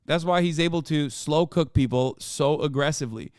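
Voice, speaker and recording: Ranting streamer man, smooth dry voice. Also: a little high, normal speed, no room sound. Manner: exasperated, ranting, swears a lot. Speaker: streamer reacting to a video. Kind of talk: casual livestream reaction.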